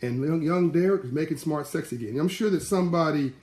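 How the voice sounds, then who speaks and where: A man giving a live-streamed motivational talk in passionate, animated storytelling. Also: a little high, quick pace, roomy sound, faint music behind. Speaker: motivational speaker.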